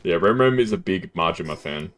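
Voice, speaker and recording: A man's voice: sits low, expressive, a little fast, a bit bright, a little hiss or hum. A man hosting a casual gaming stream, reacting to a friend's stories with laughter and sympathy. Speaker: streamer host.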